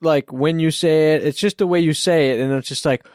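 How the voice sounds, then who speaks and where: A man's voice: a little high, brisk, a little mellow, clear, resonant tone, no room sound, clean studio sound. A man hosting a podcast, chatting in an easygoing, agreeable way. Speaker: podcast host. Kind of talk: casual chat.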